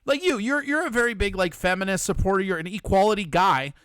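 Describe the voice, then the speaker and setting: A man's voice: high-pitched, expressive, fast talker, a bit bright, smooth, no echo. A man co-hosting a casual chat, blunt and opinionated and swearing freely.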